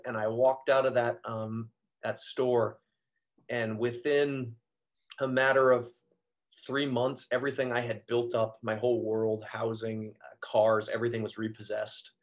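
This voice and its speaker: A priest speaking as a guest, giving an earnest, reflective personal testimony with frequent pauses and fillers. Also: male voice, mid-range voice, flat delivery. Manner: earnest, reflective, frequent ums and you-knows.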